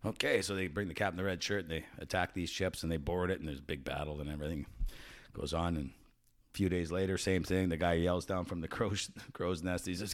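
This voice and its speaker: A man's voice: sits low, a little fast. Profane, joke-telling man on a casual podcast. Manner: profane, storytelling, laughs at own jokes. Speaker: podcast co-host. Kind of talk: casual chat.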